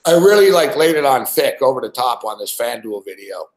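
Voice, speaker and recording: A man's voice: mid-range voice, sing-song, brisk. A man rambling through a crude story, swearing constantly and stuffing his sentences with fillers. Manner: rambling, profane, lots of "like" and "fucking". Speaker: podcast host. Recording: echoey room.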